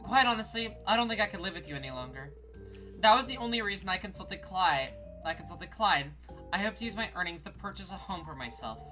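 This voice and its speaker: Woman doing a haughty middle-aged rich wife, cold and disdainful, lower and quieter than her own voice but still bright. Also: lively intonation, soft background music. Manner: cutting, disdainful, measured.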